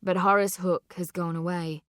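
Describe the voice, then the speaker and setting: A woman narrating a dark story with dramatic, deliberate delivery. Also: fairly low pitch, flat delivery, smooth, dry recording, clean studio sound. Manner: slow, intense, deliberate delivery.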